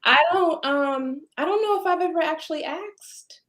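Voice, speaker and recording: A woman guest entrepreneur chatting casually on a video call, telling stories and lively when she quotes others. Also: very high voice, normal speed, reverberant. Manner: storytelling, animated when quoting others. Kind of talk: casual panel conversation. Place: home, virtual video call. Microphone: video call microphone.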